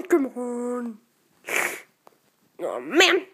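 Young woman slowly narrating gameplay. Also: on the high side, sing-song, a bit bright, a little hiss or hum. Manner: counting moves aloud, mildly frustrated. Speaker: gaming channel creator. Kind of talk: casual gameplay commentary.

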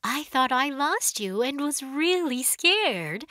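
A loving cartoon mommy shark with a high, bright voice that rises and falls a lot. She speaks slowly and sweetly. The sound is dry and close. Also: big pitch swings, dry recording, full character voice. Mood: relieved. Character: loving, warm-hearted mother shark. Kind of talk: cartoon voice acting.

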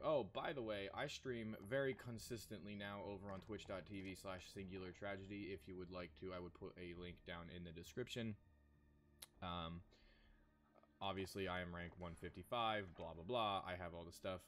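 A man talking casually over his gameplay in a flat monotone, sleepy and worn out from no sleep. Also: moderate pace. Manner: low-key, flat monotone delivery. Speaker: gaming video creator.

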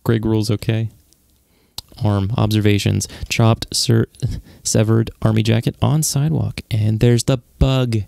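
A man's voice: on the low side, level tone, a little slow, creaky, a little mellow, dry recording, studio quality. A man casually commenting on a game as its host, reading out the dialogue in a playful, jokey way. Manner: playful, jokey, reads characters aloud. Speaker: let's play host.

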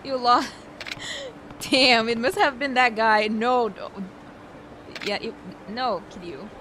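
Casting: high, animated woman streamer, excitable, over loud game street noise. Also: slow pace. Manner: excitable, chatty, reacting aloud. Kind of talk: casual gameplay commentary.

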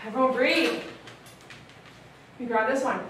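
A woman dog groomer who coaxes a dog softly and chats with viewers as she works. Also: a little high, measured pace, distant mic, a little hiss or hum. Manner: soothing, coaxing talk to a dog, chatty asides to viewers. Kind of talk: livestreamed grooming with running commentary. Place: grooming room. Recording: echoey room, voice a bit off-mic.

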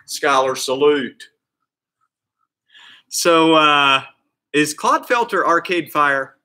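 A man coaching a live kids' PE class, upbeat and encouraging as he counts reps and calls out children who finish. His voice is fairly high and very bright and sharp, and he talks at an unhurried, deliberate pace. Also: expressive. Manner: upbeat, counts out reps and cheers on kids by name.

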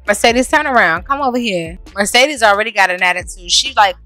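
A woman hosting a life-sim game let's play, giving animated, slangy commentary and laughing often. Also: medium pitch, fairly quick, faint music behind.

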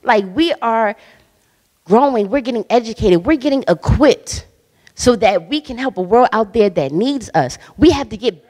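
A woman's voice: a little high, expressive, normal speed, darkish tone. A woman guest minister giving a casual, conversational sermon, emphatic and bold, with slang and frequent laughter. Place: church hall. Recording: long church hall reverb.

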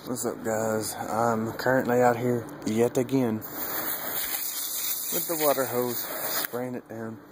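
A young man talks casually into a handheld camera outdoors, rambling and swearing freely. He laughs often and gets animated as he retells a story, his voice at an ordinary middle pitch. Loud outdoor noise runs under everything he says. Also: slow pace. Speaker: vlogger. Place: outdoors by a dog cage. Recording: noisy outdoor ambience.

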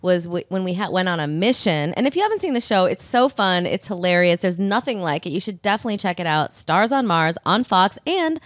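A woman co-hosting a podcast, talking quickly and enthusiastically in casual chat. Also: on the low side, big pitch swings, no echo, studio quality. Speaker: podcast co-host.

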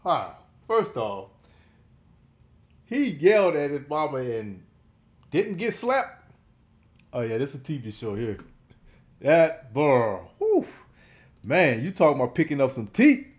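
Slow-talking slangy man reacting. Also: a little high, wildly swooping pitch. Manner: slangy, exclaiming, laughing often. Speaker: reaction video host. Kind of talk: casual reaction commentary.

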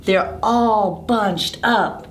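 A woman voicing a kind, fussy male animal neighbor in a picture book, slow and earnest. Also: medium pitch, roomy sound, slight background noise, voice pushed up.

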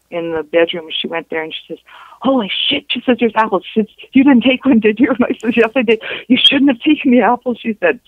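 A woman, a guest on a show, recounting a personal story in a halting way, with restarts and reported dialogue. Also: fairly low pitch, no room sound. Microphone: telephone. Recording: tinny phone line.

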